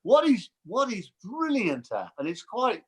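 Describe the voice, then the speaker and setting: An older man chatting as a guest, telling lively stories and mimicking voices. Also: high voice, unhurried, slightly rough. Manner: animated storyteller, mimics voices. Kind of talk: casual chat.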